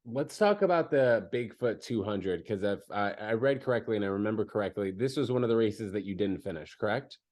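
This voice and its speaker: A man's voice: fairly low pitch, animated, a little fast, few pauses, darkish tone. A man hosting a podcast who asks long, winding questions in a casual style. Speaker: podcast host.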